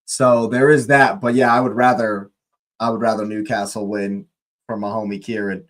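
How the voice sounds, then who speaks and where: A young man hosting a live football watch-along, excitable, laughing often and repeating his phrases. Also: lowish voice, normal speed.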